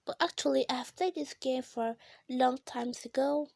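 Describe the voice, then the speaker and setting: A high-pitched woman with talks through a mobile game in an unhurried way, breaking into gasps and shrieks whenever things get close. Her voice sits dry and close, with no room sound around it. It is casual gameplay chatter. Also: gravelly, dry recording. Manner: excitable, gasping and shrieking at close calls. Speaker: gamer.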